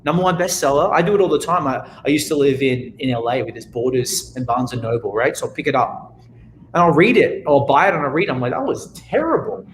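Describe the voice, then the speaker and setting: An Australian man giving an energetic motivational talk as a guest speaker, often acting out what people say. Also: mid-range voice, quick pace, a little hiss or hum, rough recording. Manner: energetic, animated, acts out quotes.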